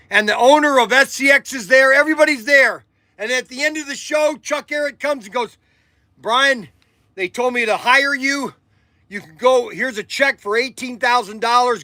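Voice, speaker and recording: The older man hosting this podcast has a very high-pitched, sharp voice, captured with no room sound. He rambles through a long personal story with emphasis and repetition, and his emotions show at moments.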